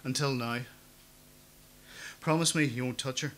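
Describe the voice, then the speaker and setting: A man's voice: medium pitch, unhurried, a bit bright, close to an everyday voice. A man voicing a broken, exhausted middle-aged man who pleads tearfully in an audiobook reading. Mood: despairing.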